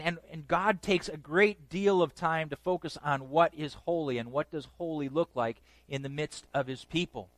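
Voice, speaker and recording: A man's voice: no echo, low-quality recording. Emphatic preacher man, dry close sound. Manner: earnest, emphatic, drops to a hushed low voice on key phrases. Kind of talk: sermon.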